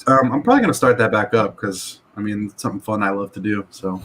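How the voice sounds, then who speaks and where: A man's voice: on the low side, fast, fairly bright tone. A young man chatting casually as a guest on a live stream, laid-back and laughing, with lots of "dude" and "like". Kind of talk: casual chat.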